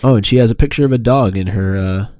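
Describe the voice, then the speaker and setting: A man with a low voice co-hosting a podcast, relaxed and easygoing as he reads listener messages aloud. The sound is dry and close, with no room echo. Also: fast talker. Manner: laid-back, reads listener tweets aloud. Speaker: podcast co-host. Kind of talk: casual podcast chat.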